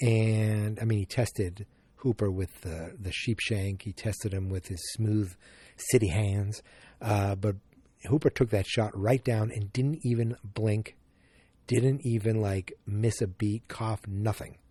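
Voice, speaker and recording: Guy rambling on his podcast, kinda husky, mellow low voice, dry close mic. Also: fairly even intonation, slow pace, no echo. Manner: rambling, thinking aloud with restarts. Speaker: podcast host. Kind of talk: casual solo podcast chat.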